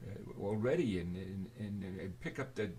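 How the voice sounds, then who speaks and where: An older man telling a rambling personal story to his camera, halting and forgetful, with many restarts and fillers. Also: sits low, lively intonation, mellow. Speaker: video storyteller.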